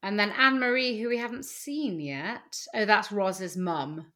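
A woman's voice: mid-range voice, measured pace, pushed and bright. A woman co-hosting a podcast in casual chat, chatty and self-deprecating. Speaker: podcast co-host.

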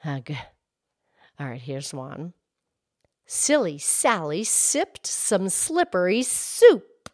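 A woman voicing a gentle, patient cow who cohosts a children's podcast. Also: deep voice, lively intonation, normal speed, no echo, clean studio sound. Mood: calm. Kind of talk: kids' podcast character play.

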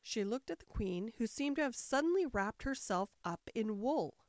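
Expressive woman narrator for a storybook; higher voice, very lively, recorded dry and close. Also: moderate pace, no echo. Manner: expressive, shifting into character voices. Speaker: audiobook narrator. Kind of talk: storybook reading.

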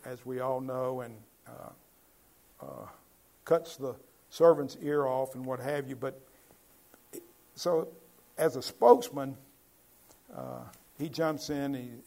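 A man's voice: medium pitch, creaky, mellow. A man preaching a Bible-teaching sermon in a conversational way, asking his listeners questions and building to emphatic points.

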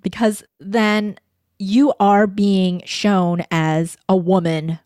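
A woman voice coach speaking in an interview with emphatic, drawn-out phrasing. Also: medium pitch, little pitch movement, darkish tone, no echo, studio quality. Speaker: voice and communication coach. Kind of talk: interview conversation.

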